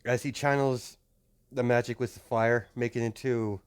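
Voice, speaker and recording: A man's voice: medium pitch, fairly even intonation, moderate pace, smooth. A man improvising a fan story narration, rambling and hesitant with many restarts.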